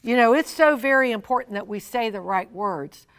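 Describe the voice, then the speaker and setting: A woman's voice: fairly high pitch, expressive, moderate pace, fairly bright tone, no echo. A woman preaching about faith and finances, emphatic and repetitive, acting out quoted speakers as she teaches. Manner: emphatic, repeats phrases, acts out quotes. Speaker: Christian money teacher.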